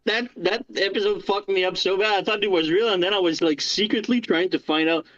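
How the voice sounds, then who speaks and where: Male co-host, slightly high voice, blunt and swearing, muffled lo-fi mic. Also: steady tone, a little fast, a bit bright. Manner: blunt and profane. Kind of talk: casual chat.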